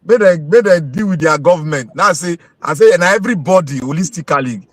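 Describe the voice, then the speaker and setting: Nigerian Pidgin-speaking man, high lively voice, insistent panelist. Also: quick pace. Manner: insistent, laughs often. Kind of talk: heated group discussion.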